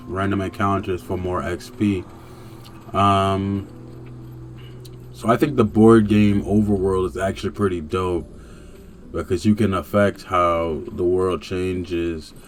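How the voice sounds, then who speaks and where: A young man casually reviewing a video game in a laid-back, slangy way, chuckling and breaking into excited rants. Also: sits low, a little hiss or hum.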